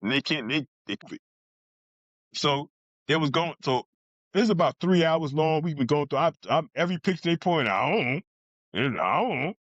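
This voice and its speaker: A man's voice: on the high side, expressive, normal speed, fairly bright tone, no echo, highs cut off. A man from New Jersey telling a blunt, profane story as a podcast guest and acting out other people's lines. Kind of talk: casual storytelling.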